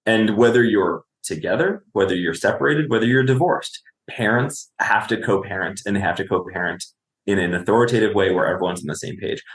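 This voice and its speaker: A man's voice: on the low side, brisk, reverberant. A man, a clinician and podcast guest, explaining parenting in conversation, often asking "right?" and acting out what a parent would say.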